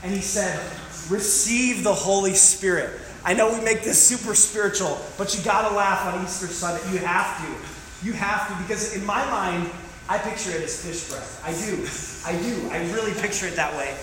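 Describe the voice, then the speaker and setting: Male pastor, high voice, playful animated sermon delivery, reverberant church hall. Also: normal speed, a little hiss or hum. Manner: animated, joking, acts out scenes. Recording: echoey hall with faint room ambience.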